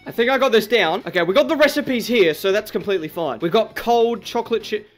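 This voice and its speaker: A young Australian man giving excitable, joking let's-play commentary. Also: high voice, a little fast, soft background music. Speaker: gaming YouTuber.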